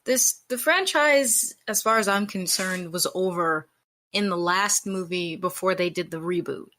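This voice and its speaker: A woman's voice: fairly low pitch, a little slow, bright, forceful tone. A woman co-hosting a podcast in casual chat, talking in a chatty, hesitant way.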